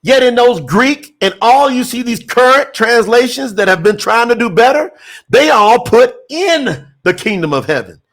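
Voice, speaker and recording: A man preaching an impassioned sermon, repeating phrases for emphasis and reading scripture slowly. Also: very high voice, fairly bright tone. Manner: reads scripture slowly, word by word. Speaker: preacher promoting a scripture translation.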